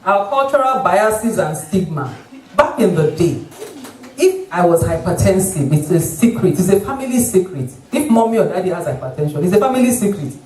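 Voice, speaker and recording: A Nigerian-accented doctor gives a health talk in a hall, lively and fond of mimicking patients. The voice sits in the middle of the pitch range and carries plenty of room sound. It is picked up from a distance, away from the microphone. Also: moderate pace. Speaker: doctor, obstetrician. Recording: roomy hall, voice from far off the mic.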